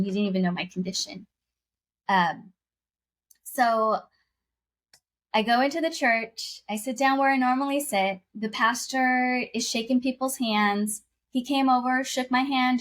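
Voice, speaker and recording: A woman guest on a podcast, telling a heartfelt personal faith story in an earnest, casual way, often using fillers such as "you know" and "like.". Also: fairly high pitch.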